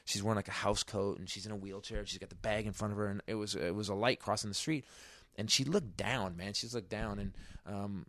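A man's voice: fairly low pitch, fairly even intonation, fairly quick, a bit bright, dry recording. A middle-aged man, a guest comedian, telling a story on a podcast in a rambling way, full of restarts. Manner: rambling, self-interrupting, many restarts. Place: podcast studio.

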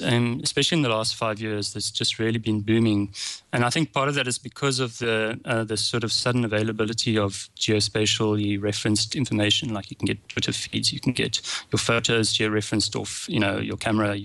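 A man's voice: mid-range voice, fairly bright tone, no echo. A man with a South African accent, answering interview questions with many fillers and restarts. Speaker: guest, open source developer.

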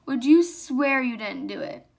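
Sour suspicious young girl for a storybook, read by a young woman, high-pitched. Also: lively intonation, a little slow, creaky, exaggerated voice.

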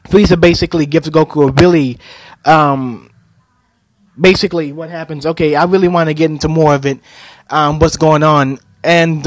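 A young man retells an anime plot in a loose, casual way, and his voice sits a little high for a man. He stumbles through restarts and fillers as he goes. The sound is close and dry. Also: no room sound. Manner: hesitant, many fillers and restarts. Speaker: anime reviewer.

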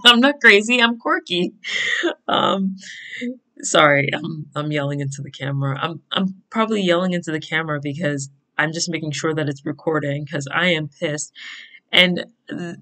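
A woman's voice: low voice, fairly even intonation, fairly quick, a bit bright. Rambling giggly young woman vlogger. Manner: rambling, giggly, tangent-prone. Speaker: bullet journal vlogger. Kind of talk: casual plan-with-me chat. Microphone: desk microphone at a computer.

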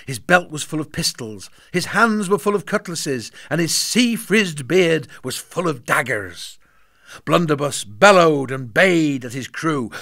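A man reading a children's bedtime story aloud with an expressive, playful delivery. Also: a little high, dry recording, studio quality.

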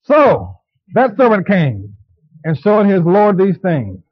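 High-voiced man preaching a sermon. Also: wildly swooping pitch, slow pace, slightly rough. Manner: conversational preaching with asides to the congregation. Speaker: pastor. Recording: dull lo-fi tape recording.

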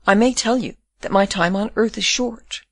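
Brief: calm, tender condemned young man, read by a woman; storybook audiobook, dry booth. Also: medium pitch, normal speed, dry recording, close to an everyday voice.

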